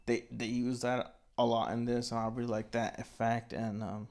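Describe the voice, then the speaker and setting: A man's voice: mid-range voice, flat delivery, normal speed, heavy background noise. A young man co-hosting an album review show, rambling casually with constant "like" and "you know". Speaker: album review podcast co-host. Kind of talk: casual chat.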